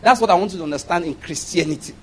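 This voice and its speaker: Male pastor, animated sermon delivery with humorous asides, voice sits a bit high. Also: rapid-fire, slightly rough, rough recording. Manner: animated, laughing asides, acted-out quotes.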